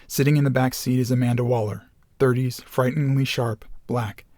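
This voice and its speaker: A man reading a screenplay aloud as narrator, steady and matter-of-fact. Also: medium pitch, fairly quick, no echo, studio quality.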